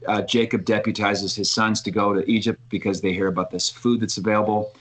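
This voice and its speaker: Low-voiced man telling stories. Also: a little fast, low-quality recording. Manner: animated storyteller, frequent restarts. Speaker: podcast guest. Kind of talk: casual conversation.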